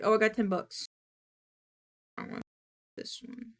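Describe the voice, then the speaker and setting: A woman's voice: on the low side, steady tone, unhurried, creaky, long pauses. A woman streamer chatting casually while she works, goofy and playful, teasing and swearing freely. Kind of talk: casual live-stream chat while working.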